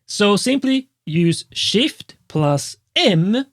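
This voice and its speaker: A man who is a music composer and educator, casually demonstrating software step by step in a tutorial, with frequent fillers. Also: high-pitched, sing-song, extremely slow. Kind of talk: screen-recorded software tutorial.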